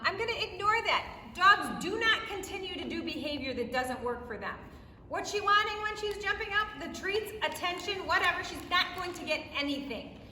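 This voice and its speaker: A woman's voice: high-pitched, pushed and bright, a little hiss or hum. A woman dog trainer teaching a puppy class, explaining to viewers while she praises and rewards a puppy. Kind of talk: instructional demo. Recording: echoey room, faint ambience.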